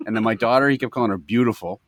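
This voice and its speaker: A man's voice: mid-range voice, rapid-fire, fairly bright tone, no echo, studio quality. A middle-aged man co-hosting a casual podcast, telling rambling, jokey stories and often laughing. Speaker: podcast co-host. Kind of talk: casual comedic chat.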